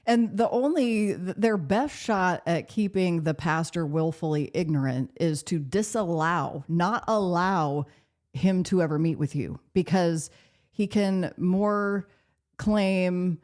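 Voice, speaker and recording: A woman's voice: on the low side, slow pace, darkish tone. A woman co-hosting a political podcast, making pointed remarks and telling listeners what to pay attention to. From United States. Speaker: podcast co-host. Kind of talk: casual political podcast talk.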